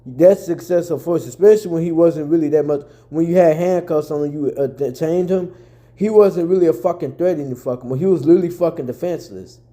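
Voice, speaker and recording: Guy from memphis ranting mad, cussing nonstop, highish voice but dark and mellow. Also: a little fast. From Memphis, Tennessee. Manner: angry, profane, repetitive. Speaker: commentator. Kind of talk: ranting commentary.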